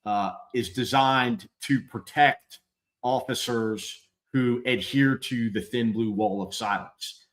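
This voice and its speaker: A middle-aged man, a former police officer hosting a live show, talking candidly and bluntly with halting repeats and swearing. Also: mid-range voice. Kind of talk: candid conversational chat.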